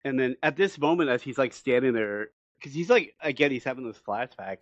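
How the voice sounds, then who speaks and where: A man co-hosts a casual podcast, walking through an anime episode with lively enthusiasm and frequent laughter. His voice sits in an ordinary middle range. The recording is dry and slightly dull, like a basic home setup. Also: medium pitch, a little fast, dry recording. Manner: animated storytelling with frequent laughs. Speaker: podcast co-host.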